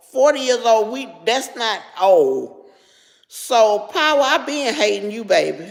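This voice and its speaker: A woman's voice: mid-range voice, vocal fry, big-room sound. A middle-aged woman, frankly telling a personal story on a live stream and greeting viewers as she goes. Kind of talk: casual storytelling to live chat.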